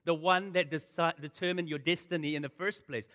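A man's voice: on the high side, fairly even intonation, brisk, hardly any pauses, bright, forceful tone. A man preaching a sermon, impassioned and repeating phrases for emphasis. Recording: long reverb of a large hall.

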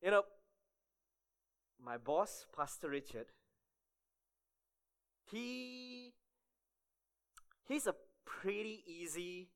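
A man preaching to his congregation in a storytelling sermon, often pausing to ask "okay?". His voice sits fairly high for a man and rises and falls with lively energy. He sounds personable and animated. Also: clear, resonant tone. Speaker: church staff member preaching.

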